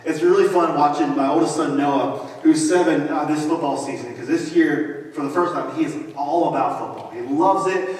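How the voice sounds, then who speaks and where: A man's voice: fairly high pitch, normal speed, few pauses, far from the mic. A pastor in his thirties giving a conversational sermon with joking asides, recorded in a large church auditorium. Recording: echoey hall, mic from afar.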